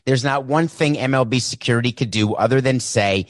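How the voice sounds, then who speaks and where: A man's voice: medium pitch, a little fast, few pauses, dry recording, clean studio sound. Sarcastic male sports talk host. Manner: sarcastic, mocking. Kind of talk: sports commentary monologue. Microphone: desk mic with mute button.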